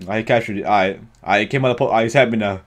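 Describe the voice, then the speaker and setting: A man hosting a live reaction video, giving excitable, slangy commentary full of exclamations and swearing. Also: lowish voice, rapid-fire.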